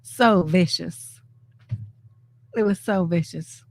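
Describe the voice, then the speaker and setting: A woman from San Francisco hosting a live stream, giving casual, animated commentary on memes and often acting out the lines she quotes. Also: on the low side, slow, creaky, no room sound. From San Francisco, USA.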